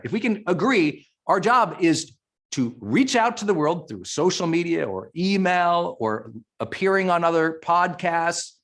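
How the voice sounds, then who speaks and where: Excited middle-aged guy running a live webinar, highish voice, super animated, keeps repeating himself to hype folks up. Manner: fired-up, energetic, repeats phrases for emphasis. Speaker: summit speaker.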